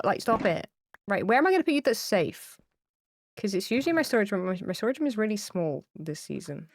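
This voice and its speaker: A woman's voice: mid-range voice, a little hiss or hum. A woman live-streaming a game, talking casually to viewers in a rambling, chatty way with lots of fillers, and gushing tearfully over cute pets. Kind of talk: casual livestream chat to viewers. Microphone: streaming mic, camera off.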